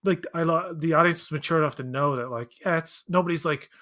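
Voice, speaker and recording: A Canadian man co-hosts a watch-along, his voice fairly high, quick and slightly bright. He chats casually in long, rambling turns packed with restarts and fillers, acting out the voices he quotes.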